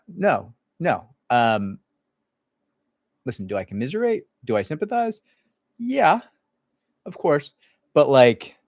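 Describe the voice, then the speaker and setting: An employment attorney hosts a casual livestream Q&A, blunt and sarcastic, mocking people in put-on voices. His mid-range voice is captured in clean studio sound with no echo.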